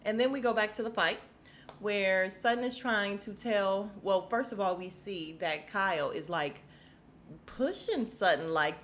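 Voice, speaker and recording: A woman's voice: on the high side, measured pace, a bit bright, slight background noise. A young adult woman hosting a casual podcast, recapping reality TV bluntly, swearing freely and acting out the cast's lines. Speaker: podcast host.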